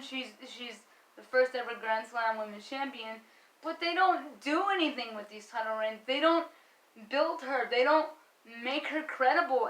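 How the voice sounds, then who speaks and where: Exasperated high-voiced woman ranting. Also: fairly bright tone, roomy sound, low-quality recording. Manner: exasperated, emphatic and profane. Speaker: wrestling vlogger. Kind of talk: ranting fan commentary.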